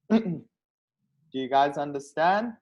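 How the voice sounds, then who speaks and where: A man's voice: a little high, lively intonation, slow pace, darkish tone, dull audio. A man teaching an online English speaking class, patient and repetitive, checking in with the students after nearly every sentence.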